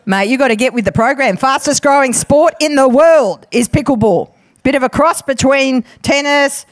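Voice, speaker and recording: A woman delivers a sermon as a visiting preacher, her high voice swooping with lively ups and downs. She jokes and chats with the congregation between points. The sound is close and dry, with no room echo. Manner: playful, chatty, jokes with the congregation. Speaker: guest preacher.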